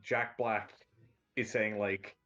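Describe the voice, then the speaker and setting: A man's voice: lowish voice, fairly even intonation, slow pace, sharp tone. Rambling man, slightly muffled call audio. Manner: rambling anecdote with many fillers and restarts. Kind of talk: casual group chat on a live stream.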